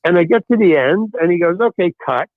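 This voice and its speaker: A man, an actor and guest, telling an anecdote in a lively way, acting out the other people in his story and swearing casually. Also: sits high, fast, no echo. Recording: tinny phone-like line.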